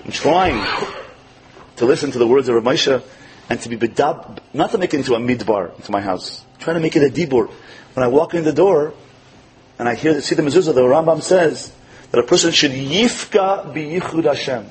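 A man in the role of a religious teacher delivers a storytelling sermon at a mid-range pitch. He acts out the people in his stories with lively animation. Then he sinks into soft, tender tones. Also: fairly quick, rough recording.

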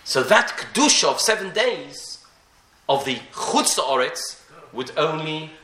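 A man with a fairly high, bright and forceful voice speaks a little slowly but very animatedly in an echoey room. Teaching a Talmudic-style Torah lecture, he poses rhetorical questions, often restarts sentences, and weaves in Hebrew and Yiddish terms.

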